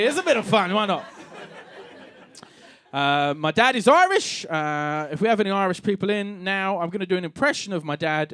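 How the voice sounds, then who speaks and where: An Englishman in his thirties performs a wry, chatty stand-up set in a comedy club, playing to the crowd as audience laughter rises behind him. His voice is high-pitched with a fairly bright tone.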